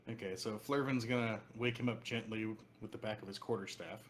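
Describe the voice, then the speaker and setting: A man's voice: on the low side, steady tone, fairly quick, a little hiss or hum. A man playing in a tabletop game, chatty and joking about the story. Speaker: player. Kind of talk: casual tabletop game talk.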